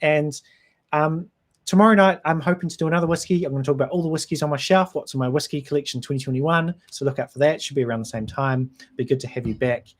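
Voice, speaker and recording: A man's voice: a little high, quick pace. A man with a New Zealand accent hosting a casual livestream. He rambles in a friendly way and reads out and answers viewer comments. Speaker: whisky channel host.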